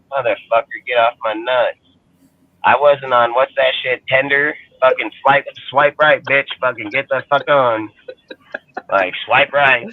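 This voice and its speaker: On his sports fan show, a man with a medium-pitched voice launches into an angry, foul-mouthed rant full of scorn. There's no echo, though the audio sounds thin and phone-like.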